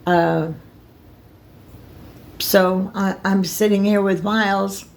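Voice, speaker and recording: An older woman telling a personal story on her vlog, rambling and emotional, with halting restarts. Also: mid-range voice, fairly even intonation, creaky, darkish tone. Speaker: vlogger.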